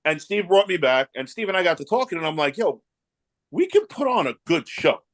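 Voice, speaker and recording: A man's voice: fairly high pitch, fairly quick, no echo. A man from the New York area, an event promoter, telling a story and acting out each person's lines. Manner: animated, acts out dialogue in anecdotes. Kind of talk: casual storytelling.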